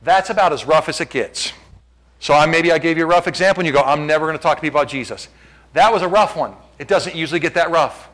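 A man in his fifties preaching a sermon as pastor, fervent and emphatic, swinging from loud climaxes to quiet prayer. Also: fairly high pitch, fast.

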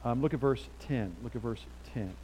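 A middle-aged man preaching a sermon as pastor, animated and chatty, dropping to quiet asides and then getting loud. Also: medium pitch, moderate pace, slight background noise, rough recording.

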